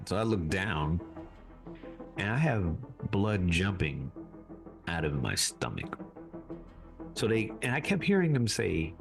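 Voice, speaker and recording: Deep gravelly man telling his story. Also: moderate pace, pauses often, over music. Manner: animated, voice jumps high when reliving anger. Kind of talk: casual storytelling.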